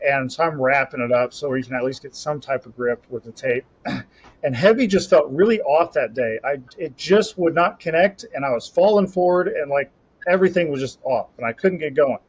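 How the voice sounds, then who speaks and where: A young man on a podcast, casually telling a rambling, animated story about a competition. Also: fairly high pitch, a little fast, slightly rough. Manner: rambling, animated storytelling with self-talk asides. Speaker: podcast co-host and Highland Games athlete. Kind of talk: casual chat. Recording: slightly dull lo-fi audio.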